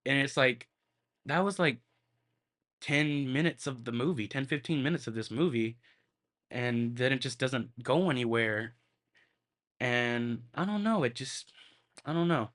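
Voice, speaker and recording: A man's voice: mid-range voice, lively intonation, unhurried, long pauses, a bit bright. Guy rambling through a movie review on his podcast, lots of um and like, swears a bunch. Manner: rambling, full of fillers and restarts, swears freely. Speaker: podcast host and film reviewer. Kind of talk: casual solo movie review.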